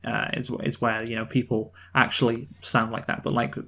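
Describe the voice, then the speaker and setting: A man co-hosting a casual film review chat, rambling with many restarts and quick laughs. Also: medium pitch, flat delivery, sharp tone. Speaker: podcast co-host.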